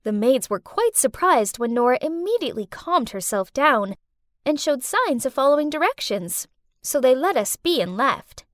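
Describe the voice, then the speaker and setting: Young woman doing storybook narration, high voice, super lively and bouncy, dry close mic. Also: moderate pace, no echo.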